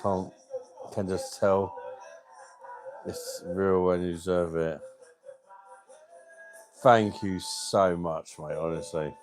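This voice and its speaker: Slow low-voiced bloke. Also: male voice, steady tone, darkish tone, soft background music. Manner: matey, slang-heavy, emotional and open. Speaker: livestream host. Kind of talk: casual chat with viewers.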